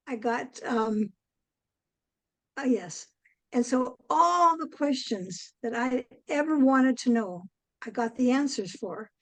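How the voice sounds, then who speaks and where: An older woman, a guest in an interview, telling a long story in a rambling way, with many pauses and "um"s. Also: a little high, a little mellow, dry recording, rough recording. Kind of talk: casual interview chat.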